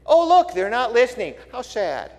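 A man's voice: very high-pitched, moderate pace. A male pastor giving a sermon, telling stories bluntly and with wry asides. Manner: blunt, wry, animated storytelling. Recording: long reverb in a large hall.

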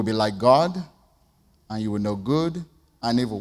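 Animated male preacher in a reverberant hall. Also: fairly low pitch, unhurried, pauses often. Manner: animated, rhetorical questions, swings from loud outbursts to quiet asides. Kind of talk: sermon.

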